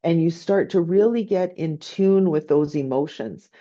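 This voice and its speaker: A woman's voice: on the low side, measured pace, mellow, highs cut off. A woman business professor giving a conversational online lecture, often checking in with "right?". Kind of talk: online lecture answering questions.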